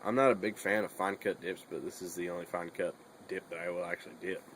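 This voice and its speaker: A man's voice: low voice, fairly even intonation, fast, a bit bright, a little hiss or hum, poor audio. A young man chatting casually in a bedroom vlog, rambling and swearing a lot between fillers. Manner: rambling and profane, with many fillers.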